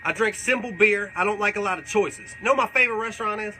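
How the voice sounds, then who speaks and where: Brief: a man as a profane old backwoods guy, rambling and boastful, voice pitched a bit high and very bright. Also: fast, soft background music, low-quality recording. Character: crude rambling older backwoods man, beer-loving. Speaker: comedic character. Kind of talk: live comedic Q&A in character.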